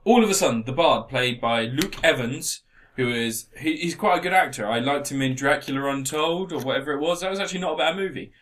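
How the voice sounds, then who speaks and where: A man in casual chat, sarcastically retelling a film plot with lots of swearing and animated asides. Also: medium pitch, brisk, slight background noise. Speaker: podcast co-host reviewing a film.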